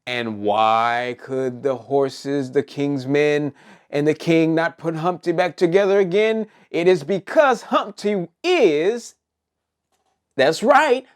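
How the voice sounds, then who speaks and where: A woman leading a preschool circle-time lesson, coaxing the children with questions in a sing-song way. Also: low-pitched.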